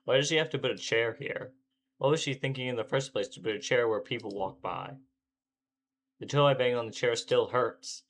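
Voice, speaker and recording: A man's voice: medium pitch, moderate pace, a bit bright, slight background noise, close to an everyday voice. A man voicing an irritable teenage boy protagonist, reading his brooding first-person lines aloud from a visual novel. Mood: annoyed.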